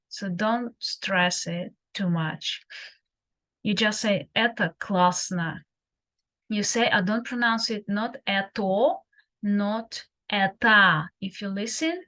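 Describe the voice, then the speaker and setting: A woman teaching beginners, explaining slowly and patiently with many fillers and repeated examples. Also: mid-range voice, a bit bright, rough recording. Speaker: Russian language teacher. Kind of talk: beginner language lesson.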